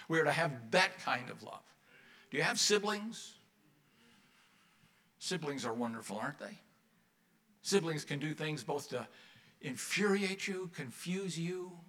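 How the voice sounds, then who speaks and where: Bright-voiced man preaching a sermon. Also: fairly high pitch. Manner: conversational preaching, asks the congregation questions, wry asides. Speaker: pastor. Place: church.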